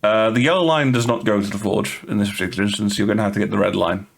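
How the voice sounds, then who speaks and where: A man with a lowish voice running a tabletop game as game master. He talks casually, hesitates and fills gaps with uh and um. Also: steady tone, rapid-fire, creaky, slight background noise. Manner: casual, hesitant with many fillers.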